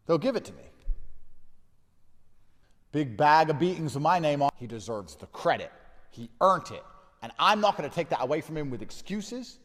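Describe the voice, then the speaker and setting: In a large hall, a man in his thirties delivers a blunt, defiant, profane monologue, candidly reflecting on losing a fight. His voice sits on the high side.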